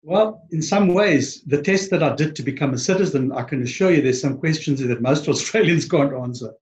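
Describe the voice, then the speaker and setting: A man's voice: a little high, normal speed, darkish tone. A man with a South African accent, a guest in a casual interview, speaking hesitantly with many ums and restarts. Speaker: podcast guest.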